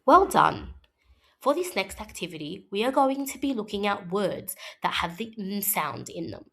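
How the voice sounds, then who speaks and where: A woman teaching a scripted phonics lesson for young children, modelling sounds slowly and clearly for them to repeat. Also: mid-range voice, big pitch swings, bright, forceful tone.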